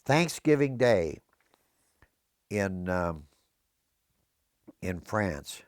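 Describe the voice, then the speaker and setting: A man's voice: deep voice, very animated, extremely slow, clear, resonant tone, no echo, studio quality. An older American man, a veteran, recalling his service in an oral history interview, wandering into historical tangents as he talks. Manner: rambling storyteller prone to historical tangents.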